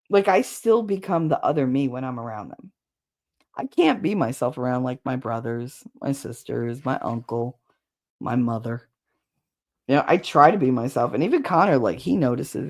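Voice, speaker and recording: A middle-aged woman hosting a casual livestream, talking bluntly with plenty of swearing and quick laughs while she chats with viewers. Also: rumbling low, expressive, darkish tone. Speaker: livestream host.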